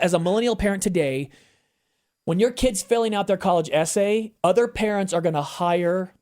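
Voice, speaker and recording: A middle-aged man, a guest on an interview show, talking candidly and with feeling, with emphatic swings in pitch. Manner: animated storyteller who acts out quoted voices. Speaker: podcast guest. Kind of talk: conversational interview.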